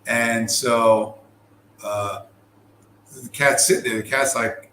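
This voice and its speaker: A middle-aged US podcast host talks slowly, pausing often, his medium-pitched voice pushed and bright with fairly even intonation. He rambles through a long, profane story in a casual way, full of fillers and restarts. The recording is roomy, with faint background noise.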